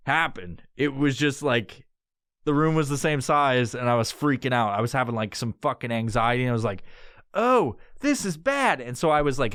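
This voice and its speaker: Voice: medium pitch, a bit bright, clear, resonant tone, no echo, clean studio sound. A podcast host telling a story in casual, profane talk, acting out the quotes with yelps and laughs.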